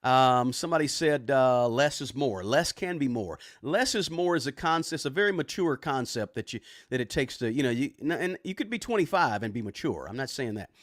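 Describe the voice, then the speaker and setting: Relaxed man chatting on a live stream. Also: medium pitch, a little fast, hardly any pauses, dry recording, clean studio sound. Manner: relaxed, conversational, shouts out viewers and repeats himself. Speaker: personal finance livestream host. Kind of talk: casual live-stream chat reading comments. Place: home room with record player and bookshelves.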